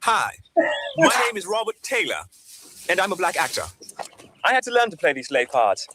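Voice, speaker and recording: An actor playing a black actor who earnestly pitches an acting school in a mock ad. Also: male voice, sing-song, normal speed, noisy background. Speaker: spokesman in a spoof ad.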